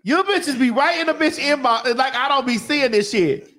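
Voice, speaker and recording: Lively, laughing woman talk-show host. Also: sits high, normal speed. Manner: animated, laughing storyteller who mimics crowds. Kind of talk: casual chat.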